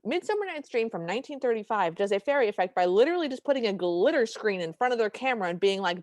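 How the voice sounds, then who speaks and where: A woman's voice: a little high, animated, quick pace, few pauses, a little mellow, no room sound, clean studio sound. A woman co-hosting a podcast, talking in an emphatic, indignant way and often repeating a point for effect. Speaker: podcast co-host. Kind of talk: casual chat.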